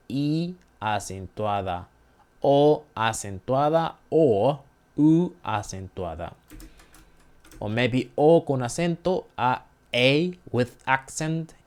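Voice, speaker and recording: Slow, halting man teaching a lesson. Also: medium pitch. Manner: halting, with frequent restarts and repeated drill words. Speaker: language lesson host. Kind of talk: informal language lesson.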